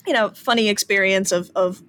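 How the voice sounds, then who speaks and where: A woman's voice: medium pitch, steady tone, a little fast, a bit bright. Midwestern American woman, podcast co-host. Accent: neutral Midwestern American. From Midwest, United States. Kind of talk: casual podcast chat.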